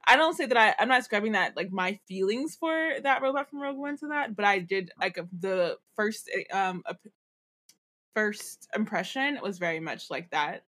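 A woman co-hosting a book podcast, giving animated, exasperated commentary in casual chat. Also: medium pitch, moderate pace. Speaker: podcast co-host.

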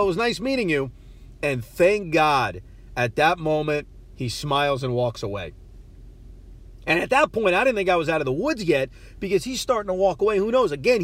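A podcast host with a high voice tells a story from a parked car, in a casual, self-deprecating way. He often stammers as he restarts, and the recording is dry.

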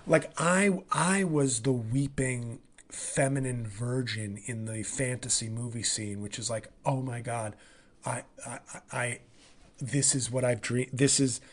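A man hosting a podcast, telling a comic story in an animated, profane, rambling way. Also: mid-range voice, measured pace. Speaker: comedian and podcast host. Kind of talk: casual comedic monologue.

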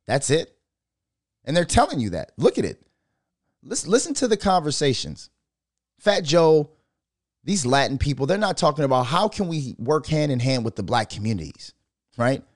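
A man hosting a podcast in heated commentary, his voice swinging widely in pitch as he rants. He swears freely and hammers his points with rhetorical questions. The sound is dry and close. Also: very animated, normal speed, pauses often, no room sound. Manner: profane, fiery, fires off rhetorical questions. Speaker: podcast host.

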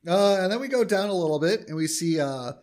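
A man co-hosting a casual podcast, walking through a cartoon episode scene by scene. His voice sits a little high for a man, and he leans on "uh" and "um" as he goes. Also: expressive, fairly quick, a little mellow. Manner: recaps plot with many fillers and quoted lines. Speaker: podcast co-host recapping an episode. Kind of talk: casual chat.

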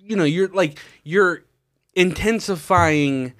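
A man's voice: high voice, slow pace, fairly bright tone, no room sound. A man co-hosting a podcast, rambling through stories in casual chat with lots of fillers and swearing. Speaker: podcast co-host.

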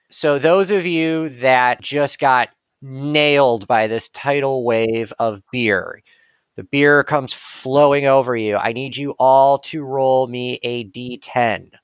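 A man's voice: mid-range voice, takes it slowly, smooth, no echo. Laid-back man running a tabletop game. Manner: casual, profane, laid-back storytelling. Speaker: game master.

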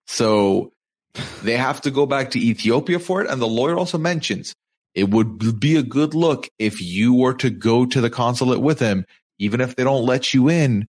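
A man's voice: medium pitch, animated, moderate pace, darkish tone. A man co-hosting a podcast, recapping events in casual chat and quoting people as he goes. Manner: storytelling, quoting people in conversational asides. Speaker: podcast co-host.

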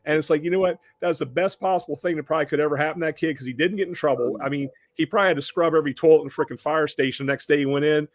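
A man hosting a podcast, telling a story casually with many restarts and animated impressions of the people in it. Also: a little high, rapid-fire, few pauses, no room sound. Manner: animated, acts out other people in raised voices; conversational with frequent restarts. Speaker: podcast host.

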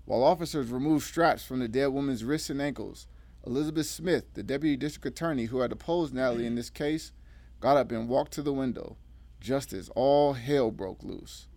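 A man reading a thriller aloud with dramatic, expressive narration. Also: mid-range voice, brisk, no room sound.

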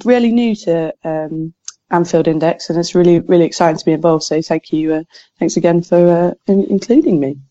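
A woman's voice: lowish voice, brisk, dark tone, no room sound, muffled recording. A woman in her twenties, a podcast guest telling a story in casual chat, chatty with many fillers.

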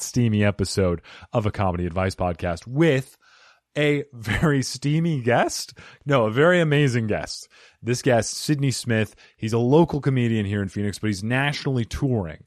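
Man hosting a comedy podcast, playful and goofy, very animated pitch, dry close mic. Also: moderate pace, dry recording. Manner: playful and goofy, swinging his voice up and down for jokes. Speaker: podcast host. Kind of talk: comedic solo podcast intro.

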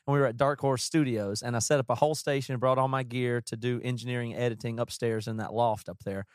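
A man's voice: medium pitch, fairly even intonation, fast talker, clear, resonant tone, no echo, clean studio sound. A man co-hosting a podcast in a laid-back, teasing way. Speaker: podcast co-host. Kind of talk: casual chat.

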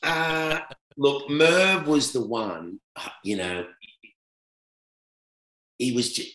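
A middle-aged man with an Australian accent, a former cricketer telling stories in a relaxed, animated chat with laughter. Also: medium pitch, very slow. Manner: animated anecdote telling with laughter, swings between loud and hushed. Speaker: guest, former professional cricketer. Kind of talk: casual storytelling chat. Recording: roomy echo.

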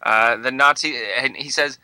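A man's voice: medium pitch, steady tone, moderate pace, pushed and bright, clear, resonant tone, dry recording, rough recording. A man co-hosting a casual chat, reading out his movie notes in a sarcastic, exasperated rant.

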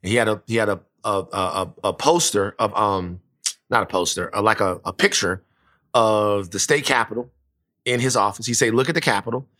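A man telling a long personal story in casual chat, animated and profane, often restarting his sentences. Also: fairly low pitch, moderate pace, dry recording, studio quality.

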